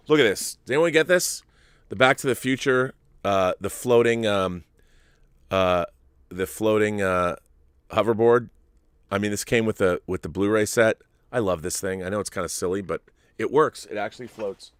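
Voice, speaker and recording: A middle-aged man hosting a live stream, reading viewer messages and answering them in a halting, rambling way. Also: on the low side, clear, resonant tone, no echo, clean studio sound. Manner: rambling, halting, restarts often. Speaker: host.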